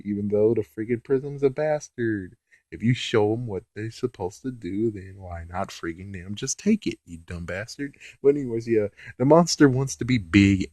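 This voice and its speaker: A man's voice: fairly low pitch, a little mellow, no room sound. A man casually recapping a TV episode, rambling and exasperated, swearing now and then. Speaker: reviewer.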